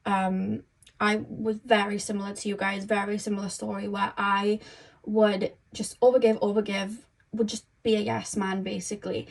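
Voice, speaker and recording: A young woman giving a casual tarot reading, chatty and rambling, full of "you know" and "um". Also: medium pitch. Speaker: tarot reader.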